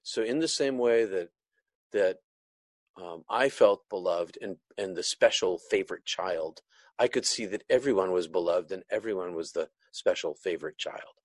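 A man giving an earnest, emotional personal testimony, halting often and restarting his sentences. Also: deep voice, no room sound. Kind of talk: personal testimony of a near-death experience.

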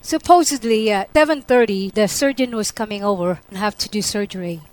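A woman giving a personal testimony to an audience, acting out what she said and dropping to a soft hush for the tender parts. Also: mid-range voice, a little fast, low-quality recording. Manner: animated storytelling, acting out her own quoted lines; drops to a soft hush when describing the vision. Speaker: testimony speaker.

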